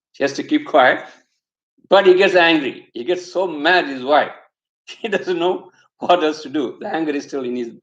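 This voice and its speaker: A man's voice: medium pitch, creaky. Man telling a teaching story. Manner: storytelling, acts out quotes, rhetorical asides. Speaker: spiritual teacher. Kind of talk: satsang talk with storytelling. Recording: echoey room, slightly dull sound.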